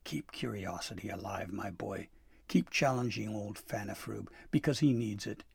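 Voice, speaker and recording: A man's voice: lowish voice, normal speed, vocal fry, husky, no room sound, full character voice. A man voicing a jolly, fond old Santa Claus with hearty, hooting outbursts. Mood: warm.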